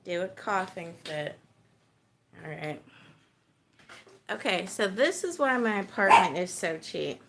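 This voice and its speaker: Tipsy woman, gravelly low voice, unhurried, swearing vlog chatter, noisy background. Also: expressive, a bit bright. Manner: chatty and profane, thinking aloud. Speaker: vlogger. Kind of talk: casual rambling vlog.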